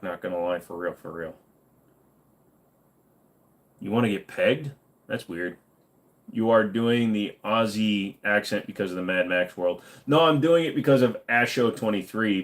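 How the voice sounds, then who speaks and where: A man hosting a casual livestream, reading chat aloud and answering in a blunt, profane, ranting way. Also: low-pitched.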